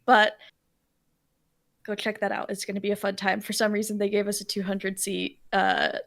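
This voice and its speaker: A woman chats in a loose, rambling way, her voice carrying a gravelly fry at the ends of phrases. Her recording is dry and close, with no room sound. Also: mid-range voice, level tone, normal speed, dry recording. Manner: rambling, giggly, warm chatter with fillers. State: emotional, near tears. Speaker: player. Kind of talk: casual chat, plugging upcoming shows.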